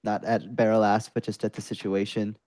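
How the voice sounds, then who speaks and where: A man playing a tabletop role-playing game, speaking earnestly with some hesitation. His voice is low and quite flat in pitch, recorded dry and close. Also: brisk, no room sound. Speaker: player.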